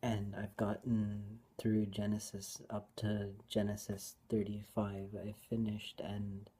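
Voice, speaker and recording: A tearful woman sharing a personal Bible reflection in a halting, hesitant way, often dropping to a whisper. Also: very deep voice, monotone, slightly rough. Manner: halting, hesitant, with many restarts; soft-spoken, often drops to a whisper. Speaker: vlogger.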